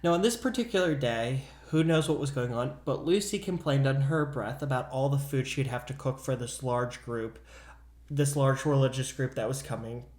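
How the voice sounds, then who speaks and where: An animated man recounting a haunting on a chatty podcast. He slips into the voices of the people in his story. His voice rings in a roomy space, at a middling pitch. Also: normal speed. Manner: animated, acts out voices in quotes. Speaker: podcast co-host. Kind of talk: casual storytelling chat.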